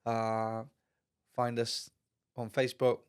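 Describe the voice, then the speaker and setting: A middle-aged man co-hosts a podcast, chatting casually in a laid-back, chummy way and often calling people "mate." His mid-range voice is clean in tone, and he speaks slowly with a completely flat delivery.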